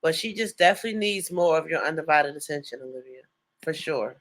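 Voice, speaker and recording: A man's voice: on the high side, expressive, fast, gravelly, fairly bright tone. A man chatting on a livestream, slangy and affirming, full of mm-hmms. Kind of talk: casual chat.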